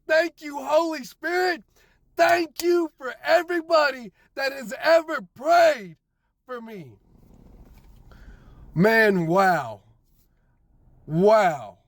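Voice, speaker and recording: A man recording a faith vlog on his drive home, shouting praise and whooping with joy, at times close to tears. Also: very high voice, creaky, no room sound. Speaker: vlogger. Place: car, driving home.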